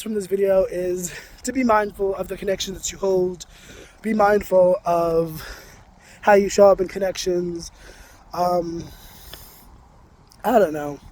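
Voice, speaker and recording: A man with a notably high voice talks through a personal frustration in a casual vlog. He is emphatic and curses freely, then settles into reflective self-help reminders. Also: a little mellow. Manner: emphatic, ranting, swears freely. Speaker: vlogger. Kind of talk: casual confessional monologue.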